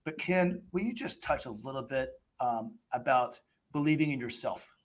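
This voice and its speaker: A man's voice: mid-range voice, animated, normal speed. A man hosting a panel in an upbeat, encouraging way, quoting a mentor. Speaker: host. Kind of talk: moderating a panel.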